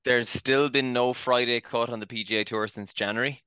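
A man's voice: medium pitch, fairly even intonation, moderate pace, bright, forceful tone, clear, resonant tone, dry recording. A young man co-hosting a casual podcast with playful ribbing. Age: young adult. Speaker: podcast co-host. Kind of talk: casual chat.

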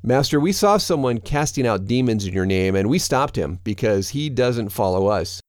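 A man's voice: medium pitch, lively intonation, normal speed, no echo, studio quality, close to an everyday voice. A man voicing an earnest male disciple who speaks plainly.

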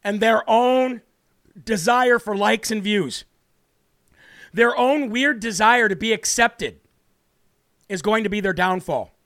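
A man's voice: sits high, slow, long pauses, a bit bright, no echo, studio quality. A man with an American accent hosting a political talk show, talking in a brash, indignant way that repeats words for emphasis.

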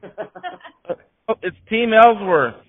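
A man's voice: a little high, moderate pace. A man hosting a live call-in show, chatty and upbeat, with lots of fillers. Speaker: host. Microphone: phone. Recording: tinny phone line, dry.

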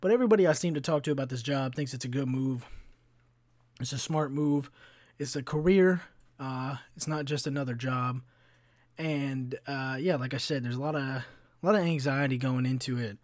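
A man's voice: medium pitch, moderate pace, dry recording, clean studio sound. Profane, rambling young man on a podcast. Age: 20s. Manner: profane, rambling, animated storytelling with frequent fillers. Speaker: podcast host. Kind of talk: casual solo storytelling.

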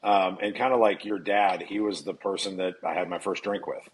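Man, guest storyteller, from Nebraska, candid, swears freely, somewhat low voice. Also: fairly even intonation, moderate pace, low-quality recording. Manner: blunt, profane, confessional. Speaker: podcast guest.

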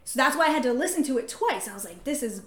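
A woman co-hosting a faith podcast, telling a story in an animated, casual way with lots of fillers. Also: sits high, racing. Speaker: podcast co-host. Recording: echoey room.

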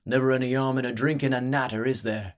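A man's voice: medium pitch, fairly even intonation, fast talker, voice pushed up, close to an everyday voice. A man voicing a weary, pot-bellied old barkeep who talks in a growling, slangy, wheedling way.

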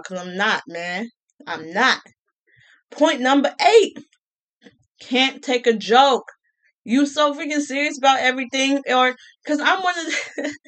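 A woman's voice: fairly high pitch, fairly bright tone. A young adult woman talking casually to camera, joking, laughing often and repeating her phrases. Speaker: vlogger.

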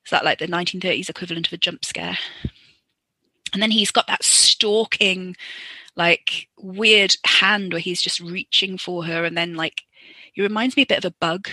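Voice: mid-range voice, fairly even intonation, moderate pace, sharp tone, dry recording. Chatty film commentator. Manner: chatty, joking, many fillers.

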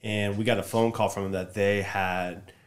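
A man telling a story in casual podcast chat, acting out shouted lines with energy. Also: on the low side, normal speed. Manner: animated, loud when acting out shouted lines.

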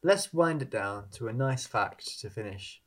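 A man co-hosting a podcast in casual chat, relaxed and joining in with songs. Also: medium pitch, a little slow. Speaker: podcast co-host.

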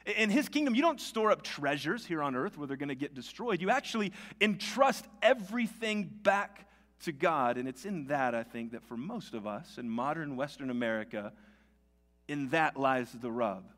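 A male pastor preaching a sermon, telling a story in a conversational, animated way with many restarts. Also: fairly high pitch, normal speed. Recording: long hall reverb.

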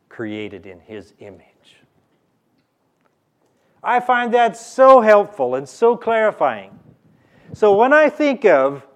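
A male pastor preaching a sermon in a church, slow and emphatic, repeating key phrases for the congregation. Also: high-pitched.

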